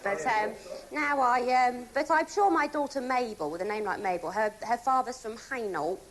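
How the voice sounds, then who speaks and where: A woman's voice: a little high, normal speed, a little hiss or hum. A woman from Surrey, England, chatting as a talk show guest in a self-deprecating, laughing way. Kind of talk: casual chat show interview.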